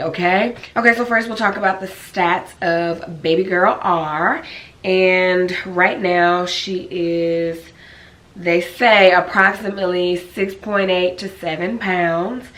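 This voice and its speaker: A woman vlogger chatting casually to camera, hoarse and raspy from a cold, easily out of breath, talking in a friendly way full of likes and ums. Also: fairly low pitch, fairly bright tone.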